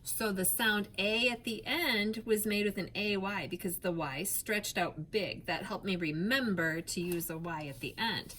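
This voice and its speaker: A woman teaching a phonics lesson to young children, patient and clear, stretching out sounds and spelling letters one by one. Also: medium pitch, measured pace, few pauses, a bit bright, a little hiss or hum.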